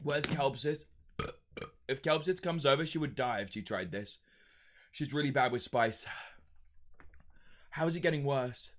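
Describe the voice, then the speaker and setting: A man live-streaming a hot sauce tasting, giving an animated running commentary and complaining about the heat. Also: mid-range voice, unhurried, pauses often. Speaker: livestreamer.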